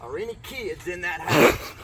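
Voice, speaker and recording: A man plays a shady, bumbling tree worker in a comic commercial. His voice sits high and swings up and down as he rambles. It is recorded outdoors, with clear background noise. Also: lively intonation, moderate pace. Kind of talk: comic ad skit. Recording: outdoor noise, distant mic.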